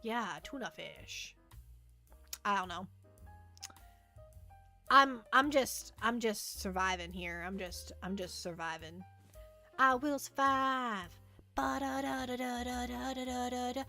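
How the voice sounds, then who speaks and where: The livestream host, a woman fielding viewer questions, wanders casually through her answers, repeats herself and jokes about herself. Her voice runs on the high side, pushed and bright, a little slow with frequent pauses, and faint music plays behind.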